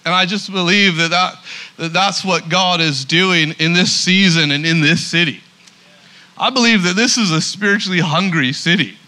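A man's voice: high voice, moderate pace, pushed and bright. A man preaching a sermon as pastor, emphatic, often repeating words as he starts a sentence.

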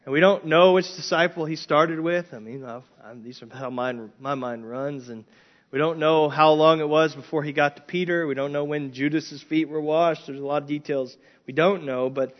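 Male pastor, verse-by-verse sermon, emphatic delivery, muffled recording. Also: fairly high pitch. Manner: animated, emphatic preaching with frequent restarts. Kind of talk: expository sermon.

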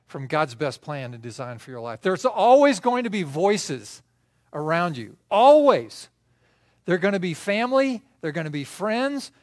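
Brief: older male pastor, lively storytelling sermon, slightly high voice, dry close sound. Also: no echo. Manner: animated storytelling, swings between soft and loud.

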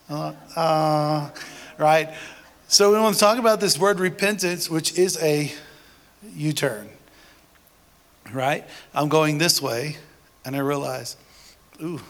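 A man's voice: a little high, fairly bright tone. A man preaching a sermon in a conversational style, joking with the congregation and building to emphatic declarations. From Texas. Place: church service before a congregation.

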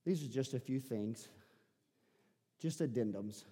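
A male pastor preaching a sermon, repeating his phrases and building up to shouting. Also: mid-range voice, measured pace, husky, big-room sound. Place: church sanctuary.

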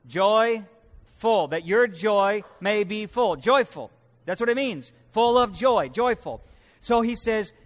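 A man preaching a sermon with passion, swinging between loud declarations and hushed, quiet passages, and calling on the congregation to repeat after him. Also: high-pitched, animated, measured pace. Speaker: pastor. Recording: long reverb of a large hall.

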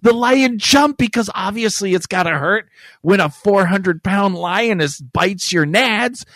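A woman's voice: medium pitch, unhurried, a bit bright, no room sound, studio quality. A woman co-hosting a podcast in casual banter, crude, joking and irreverent. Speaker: podcast co-host.

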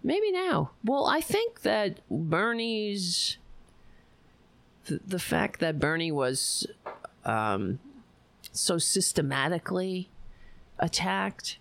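Low-voiced and recorded with no room sound, this live stream host riffs on politics in a relaxed way. She's animated and sarcastic, and her talk is full of profanity.

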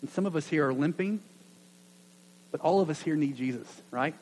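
A man preaching a sermon to a gathering of churches, earnest and full of stammered restarts, rising loud then dropping to a near hush. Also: a little high, brisk, a little hiss or hum, rough recording. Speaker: pastor.

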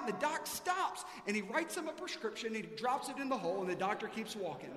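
A male pastor with a fairly high voice delivers a sermon fast and with few pauses, moving between animated storytelling and quiet earnestness. His words ring through a large, echoey church with a long, roomy tail.

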